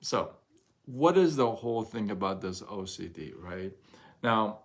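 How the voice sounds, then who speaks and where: A middle-aged man hosting a casual livestream, talking in an animated way, often repeating himself and asking "right?". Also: on the low side, measured pace. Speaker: livestream host.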